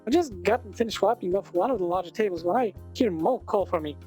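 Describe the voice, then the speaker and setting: A woman's voice: mid-range voice, animated, warm tone, faint music behind. Sarcastic, cursing woman streamer. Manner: quick, profane and sarcastic. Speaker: let's play streamer. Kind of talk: reading a visual novel aloud with commentary.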